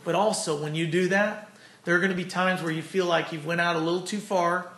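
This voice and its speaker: A man's voice: sits high, fairly even intonation, brisk, a bit bright. A man preaching an earnest, conversational sermon with personal stories, then closing in prayer. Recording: echoey room.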